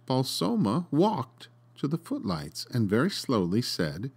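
A man hosting a podcast and reading a story aloud in an expressive, dramatic way. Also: mid-range voice, measured pace, gravelly, husky. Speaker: podcast host and narrator. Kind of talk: storytelling narration.

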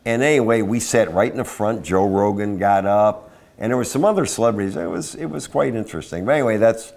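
A man's voice: lowish voice, a little fast, creaky. A man co-hosting a casual chat show, telling rambling stories full of asides. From Florida. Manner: rambling, animated storyteller with frequent asides. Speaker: podcast co-host.

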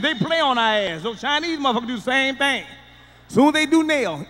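A man doing a stand-up comedy routine, loud and profane, swinging between shouted punchlines and muttered asides. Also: extremely high pitch, animated, a little fast. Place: large theater stage with live audience. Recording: live concert hall reverb.

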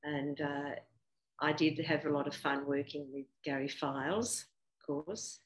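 A woman's voice: low voice, flat delivery, measured pace. Chatty woman in her sixties, roomy sound. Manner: chatty, laughs often, many fillers and restarts. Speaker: guest actor. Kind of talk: casual interview chat. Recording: roomy echo.

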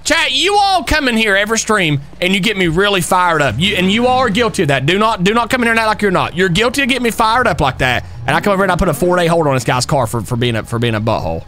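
An energetic man streams a police roleplay, speaking quickly with a lively, swooping pitch. He is slangy and fired up as he thanks his chat between calls. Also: slight background noise. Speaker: streamer playing a police officer.

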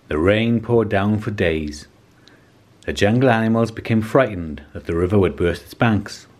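Deep-voiced man reading a children's story. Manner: calm, measured storytelling. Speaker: storybook reader. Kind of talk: reading a children's picture book aloud.

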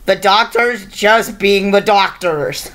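A woman's voice: mid-range voice, slow, fairly bright tone. A woman hosting a casual, improvised video review, rambling and correcting herself as she goes. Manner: rambling, unscripted, self-correcting.

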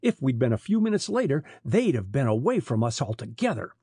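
A man's voice: mid-range voice, very animated, fairly quick, mellow, slightly rough, no echo, studio quality. Snackley, a man doing a sneering smuggler chief.

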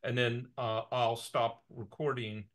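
A man's voice: medium pitch, flat delivery, takes it slowly, fairly bright tone. Host guy on a video call, easygoing, says uh a lot while wrapping up. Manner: friendly, loose, with fillers. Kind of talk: closing remarks at an online talk.

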